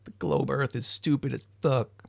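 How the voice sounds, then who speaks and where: A man's voice: mid-range voice, fairly even intonation, normal speed, gravelly, a little mellow, slightly rough, dry recording. A tired man hosting a livestream, chatting casually with his chat, rambling and swearing now and then. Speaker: livestream host. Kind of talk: casual chat reading live chat.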